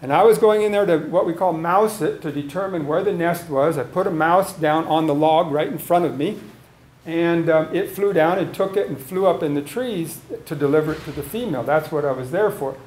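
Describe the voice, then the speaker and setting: A man's voice: a little high, a little fast, a little mellow. A man giving a live public lecture as a wildlife biologist, talking conversationally, telling field stories and asking the audience questions. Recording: echoey room sound.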